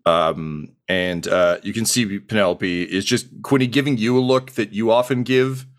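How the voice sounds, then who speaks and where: A game master narrating a tabletop session in a relaxed, meandering way. His voice is on the low side, and he leans on fillers as he describes the scene. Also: normal speed. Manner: casual, filler-heavy narration.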